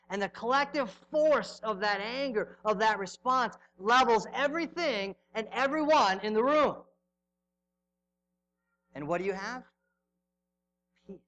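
A middle-aged male pastor preaching a sermon, telling stories with sudden swings from loud to hushed. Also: sits high, a little hiss or hum, rough recording.

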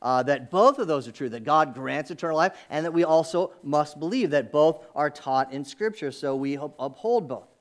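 A male pastor delivers a sermon from his church, a slightly higher-pitched voice. He preaches in a conversational way, dropping in asides and rhetorical questions to his congregation. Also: expressive, normal speed, hardly any pauses. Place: church sanctuary.

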